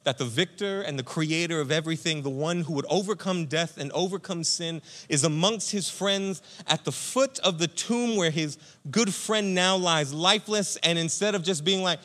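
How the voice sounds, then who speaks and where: Energetic man preaching a casual sermon. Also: fairly high pitch, moderate pace, few pauses. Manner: conversational, energetic, addresses listeners as friend. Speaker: pastor.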